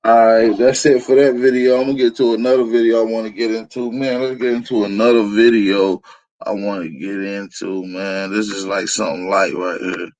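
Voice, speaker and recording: A man's voice: lowish voice, flat delivery, moderate pace, darkish tone. A male host talking in a laid-back, casual way between clips. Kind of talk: casual chat. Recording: dull lo-fi recording.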